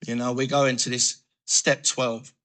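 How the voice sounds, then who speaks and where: Man, bright tense voice, lively first-person recovery talk, plays out his inner voice. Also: medium pitch, normal speed. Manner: animated storytelling, acting out his own thoughts. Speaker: recovery speaker.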